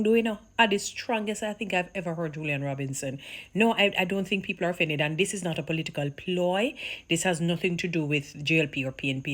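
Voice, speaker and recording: A woman from Jamaica with a Jamaican accent, chatting casually to her viewers, animated and laughing, slipping into Patois. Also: fairly low pitch. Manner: animated, mixes Patois into chat, laughs often. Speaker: vlogger.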